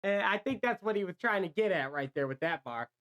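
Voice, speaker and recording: A woman's voice: mid-range voice, brisk, lo-fi sound. Rambling, swearing woman reacting to music. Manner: rambling, excitable, swears freely. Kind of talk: casual reaction commentary.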